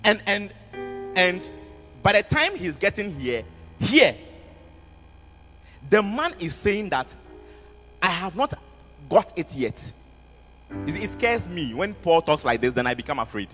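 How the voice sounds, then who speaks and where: Animated high-pitched male preacher. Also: unhurried, long pauses. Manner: animated, repeats words, asks the audience questions. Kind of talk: sermon. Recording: music underneath, long hall reverb.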